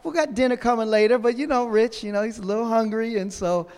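A man casually recounting a team's trip to a group, halting and full of fillers. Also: very high-pitched, steady tone, a little mellow, clean tone. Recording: long hall reverb.

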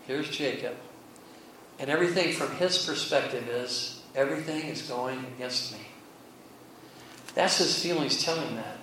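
A man's voice: fairly high pitch, fairly bright tone. A man preaching a conversational Bible lesson, folksy and chuckling, who keeps checking in with his listeners. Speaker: pastor. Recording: very echoey hall, mic far off, faint hiss.

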